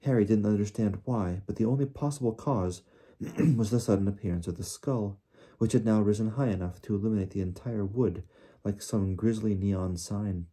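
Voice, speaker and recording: A man reading an audiobook aloud in a steady storytelling manner. His voice sits low, with a very dark, mellow color. A husky, breathy grain runs through it. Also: moderate pace. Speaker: audiobook reader. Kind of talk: audiobook narration.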